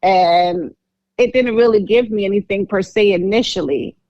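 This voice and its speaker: A woman's voice: medium pitch, moderate pace, warm tone, no echo, dull audio. A woman co-hosting a podcast, telling her own story in a candid, chatty way. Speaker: podcast co-host.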